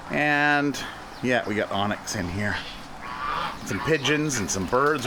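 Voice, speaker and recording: Guy strolling around his farm, slow easygoing talk, lots of ups and downs in his voice, birds and traffic in the noisy outdoor audio. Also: mid-range voice, lively intonation. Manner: chatty, laughs often, coos at animals. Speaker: farm owner giving a tour. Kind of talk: casual walking farm tour. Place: outdoors on a farm, in woods and fields.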